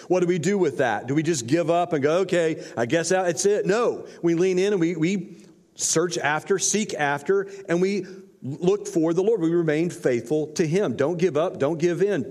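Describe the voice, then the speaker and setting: A man's voice: a little high, a little mellow. Earnest man preaching in a reverberant church. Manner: earnest, repetitive exhortation. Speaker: pastor. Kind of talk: sermon.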